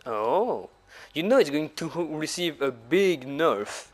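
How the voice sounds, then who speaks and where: A man's voice: on the high side, big pitch swings, slow, soft background music. A young man chatting over voice chat with a friend while gaming, laid-back and blunt with short replies.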